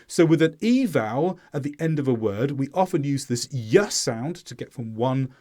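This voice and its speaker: Lively, deliberate British male English teacher. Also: medium pitch. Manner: clear, deliberate, demonstrates sounds slowly. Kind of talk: scripted lesson to camera.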